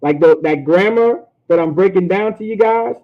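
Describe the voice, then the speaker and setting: Man teaching over a tinny line. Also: sits high. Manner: casual teaching, repeats points, sounds out words slowly. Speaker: language teacher. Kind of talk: online language class.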